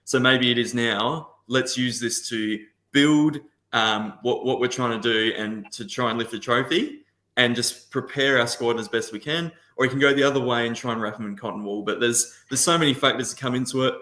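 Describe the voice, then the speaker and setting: A man talks about football with a bright, forceful voice, full of passion but often circling back and restarting his sentences. He sounds like he is in an echoey room, on a casual podcast panel over a video call. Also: mid-range voice, steady tone, normal speed. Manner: passionate, rambling with frequent restarts.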